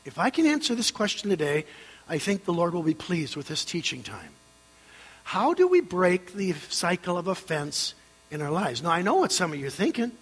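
An older man preaching a sermon as a pastor, animated and leading his congregation in call-and-response. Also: high voice, moderate pace, breathy edge. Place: church sanctuary. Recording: reverberant hall with mains hum.

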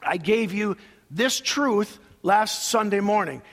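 A man's voice: high-pitched, expressive, slow pace, gravelly, a bit bright, long reverb tail. A male pastor preaching a sermon, emphatic and preacherly, leading his congregation in call-and-response.

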